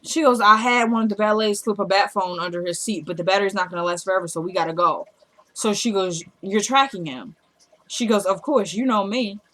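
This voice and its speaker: A woman's voice: medium pitch, fairly quick, fairly bright tone. A woman casually recapping a TV drama episode, acting out the characters' lines as she retells each scene. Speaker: show recapper.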